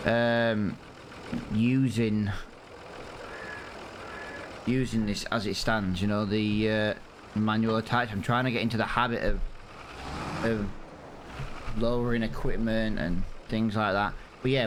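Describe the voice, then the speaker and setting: A man's voice: mid-range voice, background noise. A man giving casual, rambling let's-play commentary over a farming game, with many fillers and restarts. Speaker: gaming YouTuber.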